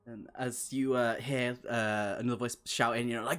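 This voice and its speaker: A game master narrating a tabletop horror session at a middling pitch. The delivery is loose and rambling, thick with "um", "uh" and "like" between phrases. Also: fairly even intonation, moderate pace, a bit bright, clean tone. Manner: loose, rambling, full of fillers.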